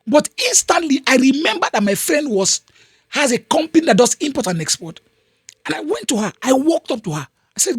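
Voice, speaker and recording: Husky Nigerian man giving a pep talk. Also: extremely high pitch, sing-song, moderate pace, no room sound, studio quality. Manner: emphatic, repeats phrases. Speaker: podcast host. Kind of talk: motivational talk.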